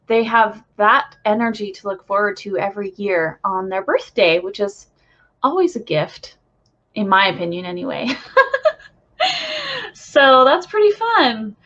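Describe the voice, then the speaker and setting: A woman's voice: medium pitch, fairly bright tone. A woman hosting a live stream as a spiritual channeler, talking casually to viewers with lots of fillers. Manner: chatty, loose, many fillers. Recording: dull lo-fi stream audio.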